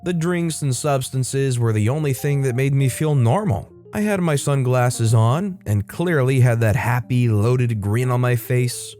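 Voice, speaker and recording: Man narrating a story over soft music. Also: medium pitch, measured pace, hardly any pauses. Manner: steady first-person storytelling read. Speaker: storyteller reading a forum post. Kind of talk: scripted narration. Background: faint background music.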